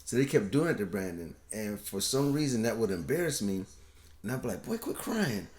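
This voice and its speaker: A man's voice: fairly low pitch, lively intonation, brisk, darkish tone. A middle-aged man co-hosting a family podcast, telling rambling casual stories and acting out the voices of people he quotes. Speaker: podcast co-host, father. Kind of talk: casual storytelling chat. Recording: roomy echo.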